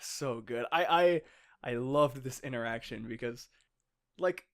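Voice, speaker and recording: A man co-hosting a podcast in casual chat, excitable and laughing often, swearing freely and acting out the lines he retells. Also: mid-range voice, measured pace. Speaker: podcast co-host.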